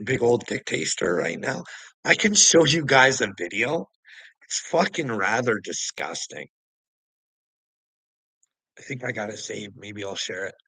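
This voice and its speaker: A man's voice: lowish voice, a bit bright, breathy edge, no echo, low-quality recording. A man from Canada, ranting profanely at his viewers about politics and laughing between points. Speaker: vlogger. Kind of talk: angry political rant to viewers.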